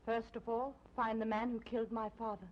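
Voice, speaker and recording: A woman's voice: a little high, little pitch movement, a little fast, a little hiss or hum, natural voice. An actress playing an anxious young woman in a 1930s British melodrama, with clipped old-fashioned diction. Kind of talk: 1930s British film acting. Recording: dull lo-fi old film soundtrack.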